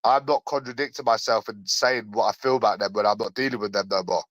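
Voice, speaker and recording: A man's voice: on the low side, fast talker, a bit bright, no room sound, low-quality recording. A man with a London accent ranting in a repetitive, sweary, sarcastic monologue. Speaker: vlogger.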